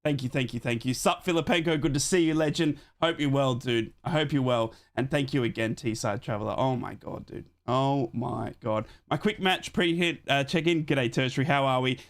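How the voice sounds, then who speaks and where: A young man hosting a live football watchalong stream from home, hoarse from a chest infection and thanking viewers over and over. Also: mid-range voice, a little fast, hardly any pauses. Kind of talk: excited live-stream chat. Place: home streaming setup in Australia.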